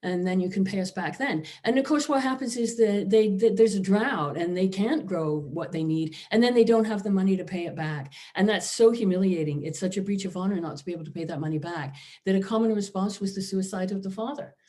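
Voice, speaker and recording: A woman's voice: mid-range voice, brisk, hardly any pauses, dark tone. A woman professor giving a conversational philosophy lecture over a video call, often adding asides to the audience. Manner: informal, frequent "you know" and "right?" asides.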